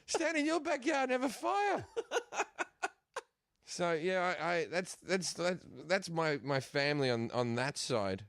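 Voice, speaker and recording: A man's voice: high voice, unhurried, no room sound, clean studio sound. A middle-aged man with an Australian accent, telling a story in casual chat as a podcast guest, laughing often and acting out the people in it. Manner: animated, mimics people in his story, laughs often, swears. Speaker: guest comedian.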